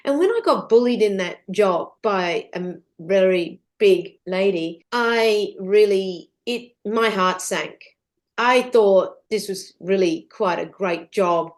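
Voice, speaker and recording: A middle-aged woman telling her life story as a podcast guest, animated and rambling, with restarts and the odd swear word. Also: mid-range voice, slow pace. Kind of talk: candid storytelling interview.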